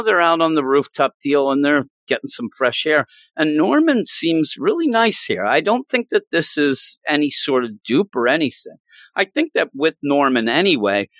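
A man's voice: on the high side, fairly bright tone, dry recording. A middle-aged man chatting casually as a comic book podcast co-host, often acting out characters' lines in a raised voice. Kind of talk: casual comic review chat.

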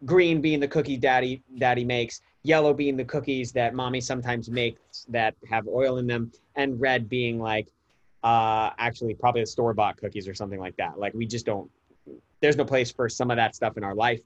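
A man's voice: medium pitch, steady tone, moderate pace, lo-fi sound. A man in his thirties co-hosting a podcast, chatty and talking straight to listeners. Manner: chatty, addresses listeners as guys. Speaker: podcast co-host. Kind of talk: casual podcast chat.

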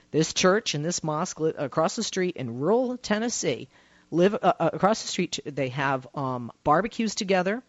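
Emphatic radio host, lo-fi and dry. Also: male voice, on the high side, no echo. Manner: emphatic storytelling, swings from loud to hushed. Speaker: radio talk show host. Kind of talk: call-in radio talk. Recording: dull lo-fi radio sound, dry.

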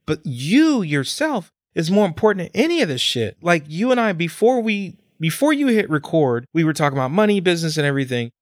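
A man's voice: fairly high pitch, big pitch swings, brisk, few pauses, no echo, clean studio sound. A man talking on a podcast, swearing freely and getting fired up as he preaches about facing who you are. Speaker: podcast guest. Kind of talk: casual podcast chat.

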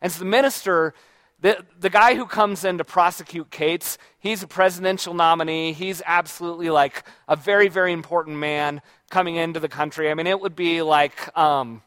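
A man's voice: on the high side, fairly even intonation, normal speed, fairly bright tone, no echo. A man talking casually and reflectively about books he has read, rambling along with frequent restarts and self-corrections. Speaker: book reviewer. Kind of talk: casual book talk.

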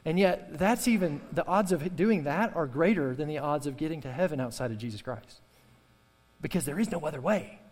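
A man's voice: on the high side, normal speed, a little mellow, in a large hall. A male pastor preaching a sermon with fervor, repeating key phrases and calling on the congregation to respond. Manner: impassioned preaching with repetition and call-and-response.

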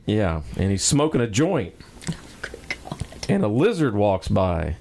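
A man co-hosting a radio show, trading dry quips and telling jokes with animated storytelling. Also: lowish voice, slow, gravelly. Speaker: radio co-host. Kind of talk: casual banter and joke telling.

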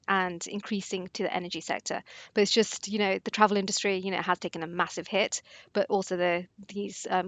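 A woman's voice: mid-range voice, no room sound. Dry-voiced woman analyst, filler-heavy. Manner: hesitant, lots of "you know" fillers. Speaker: fund research analyst. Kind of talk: panel discussion on investing.

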